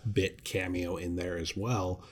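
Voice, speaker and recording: A man's voice: sits low, little pitch movement, a little slow, husky. A man co-hosting a movie podcast, casually running through an actor's credits and swearing now and then. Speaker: podcast co-host. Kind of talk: casual chat.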